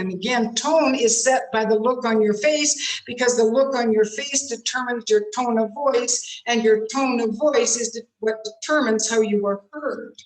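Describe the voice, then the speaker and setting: Demonstrative woman coach, roomy echo. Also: a little high. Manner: demonstrative, shifts tone to show examples. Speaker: speaker coach. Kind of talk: online workshop talk. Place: home room on a video call. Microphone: computer mic on a video call.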